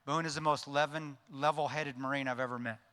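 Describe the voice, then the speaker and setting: A man with a bright, forceful voice tells a gripping war story from the stage of a conference. His delivery is intense and earnest, and it sinks to a hushed tone at solemn moments. The long reverb of the large hall hangs after each phrase. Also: medium pitch, fairly even intonation, brisk, smooth. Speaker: keynote speaker.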